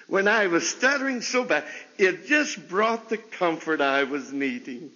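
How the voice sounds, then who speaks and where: A man preaching a folksy sermon with a stutter, often laughing and leaping into high bursts. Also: animated, measured pace, bright, forceful tone, in a large hall, lo-fi sound. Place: chapel service.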